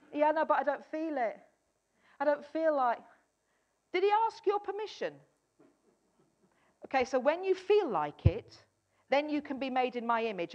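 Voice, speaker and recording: A woman's voice: high voice, dull audio. A woman preaching a sermon, emphatic, often repeating her key phrases and acting out a doubter's replies.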